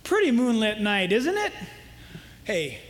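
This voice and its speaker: A man preaching a sermon as pastor, animated, acting out voices from the stories he tells. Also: high-pitched, unhurried, big-room sound, a little hiss or hum.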